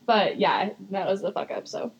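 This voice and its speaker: A woman's voice: medium pitch, normal speed, breathy edge, lo-fi sound. A young woman co-hosting a podcast in casual chat, rambling and giggling often, swearing casually. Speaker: podcast co-host.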